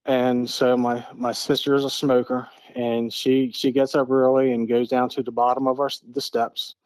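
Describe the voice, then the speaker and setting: A man's voice: mid-range voice, flat delivery, moderate pace, darkish tone, dry recording. A middle-aged man from Eastern Maryland, a podcast guest telling a story in an earnest, repetitive way, often restarting his phrases. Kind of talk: casual storytelling.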